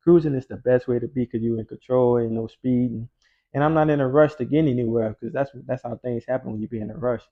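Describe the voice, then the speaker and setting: Gravelly laid-back man from Louisiana. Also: medium pitch. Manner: laid-back, slangy, drawn-out pauses. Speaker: vlogger. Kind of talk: casual storytelling. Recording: dull lo-fi recording.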